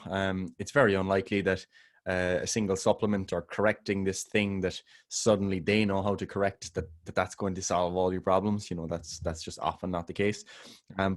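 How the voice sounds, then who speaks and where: A man co-hosting a podcast in casual chat, rambling with many restarts and frequent laughs. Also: low voice. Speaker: podcast co-host.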